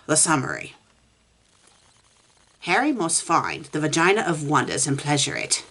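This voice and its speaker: A woman's voice: low voice, wildly swooping pitch, slow, a bit bright, slightly rough. A woman reviewing fan fiction for laughs, reading it aloud and answering it with sarcastic, exasperated asides.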